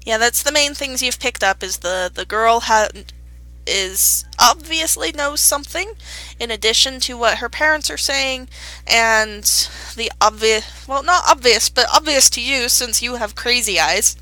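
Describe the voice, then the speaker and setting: A woman's voice: fairly high pitch, a little slow, sharp tone, no room sound, rough recording. A young woman narrating a tabletop game as game master, rambling and correcting herself as she goes.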